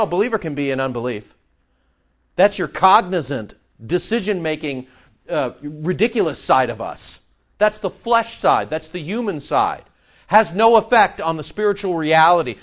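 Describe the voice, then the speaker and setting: A man preaching with a high, lively voice that swoops up and down as he fires sarcastic rhetorical questions at his congregation. The sound is dull and lo-fi. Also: normal speed. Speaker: pastor. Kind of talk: sermon.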